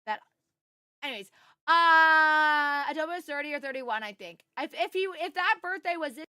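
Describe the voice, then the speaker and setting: Woman, high voice, dry close sound, excitable, swears, gaming stream chatter. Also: moderate pace, no echo. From Canada. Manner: excitable, swears, laughs often, coos at her dogs. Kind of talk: casual livestream gaming chat.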